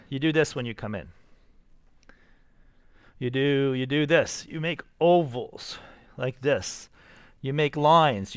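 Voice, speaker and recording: An energetic man teaching a drawing class, showing his students the steps and cheering them on as he works. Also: on the high side, dry recording, studio quality. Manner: energetic, enthusiastic, talks straight to students. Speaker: art teacher.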